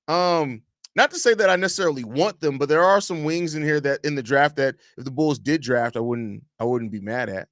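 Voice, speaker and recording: A man with a slightly high voice hosts a laid-back live-stream sports podcast from his home. He talks loosely, repeats his phrases and reads chat questions aloud. The sound is dry and close on a desk microphone. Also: a bit bright, dry recording. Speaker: podcast host.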